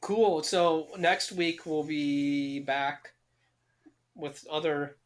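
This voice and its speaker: A man's voice: on the high side, extremely slow. A young man co-hosting a podcast, joking sarcastically and swearing freely in casual banter. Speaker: podcast co-host.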